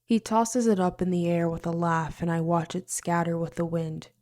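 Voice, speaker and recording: A woman narrates a first-person fantasy novel with a slightly low voice. She reads expressively, with her volume rising and then falling nearly to a whisper. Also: level tone, moderate pace, darkish tone. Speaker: audiobook narrator.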